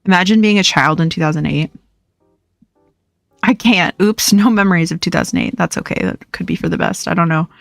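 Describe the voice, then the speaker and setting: A woman's voice: fairly low pitch, lively intonation, brisk, gravelly, no echo, soft background music. A young woman hosting a livestream, chatting casually and rambling with frequent laughs while she plays. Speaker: livestream host. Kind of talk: casual chat while gaming.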